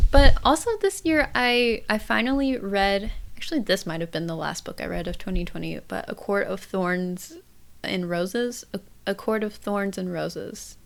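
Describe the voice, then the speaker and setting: A young woman chatting casually about books she read, laughing often and reading quotes aloud softly. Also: mid-range voice, vocal fry. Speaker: book vlogger. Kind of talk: casual book chat to camera.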